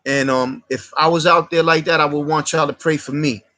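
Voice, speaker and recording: Heartfelt New man with bright tone. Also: on the high side, steady tone, brisk. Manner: street slang, repetitive and heartfelt. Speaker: channel host. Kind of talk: casual livestream storytelling.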